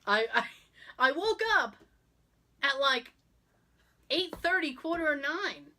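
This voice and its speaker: Woman, podcast co-host, casual storytelling, vivid bright tone, fairly high voice. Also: slow. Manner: animated, acts out quoted people.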